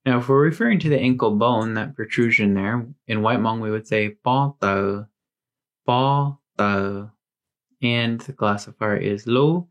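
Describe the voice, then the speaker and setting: A man's voice: medium pitch, normal speed, hardly any pauses, a bit bright. A man giving a language lesson, patiently saying each word twice with careful pronunciation. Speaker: language teacher.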